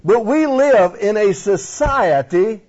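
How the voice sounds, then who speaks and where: A man preaching a folksy, animated sermon in church, questioning his congregation. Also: high voice, takes it slowly, husky. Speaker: pastor. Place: church sanctuary. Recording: dull lo-fi sound.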